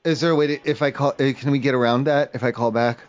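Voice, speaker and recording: A man's voice: mid-range voice, steady tone, fast talker. A man making a prank phone call, whiny, emotional and easily offended. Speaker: prank caller.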